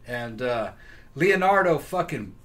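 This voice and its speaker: A man's voice: medium pitch, lively intonation, slow, a bit bright. Swearing Southern man chatting about movies. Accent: Southern American. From Southern United States. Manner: loose, profanity-heavy, rambling. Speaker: podcast co-host. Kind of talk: casual movie discussion.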